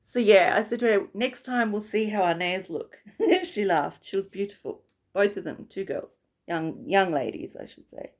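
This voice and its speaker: A woman's voice: mid-range voice, sing-song, moderate pace. A woman vlogger talking casually to camera, rambling and chatty, breaking into laughs often.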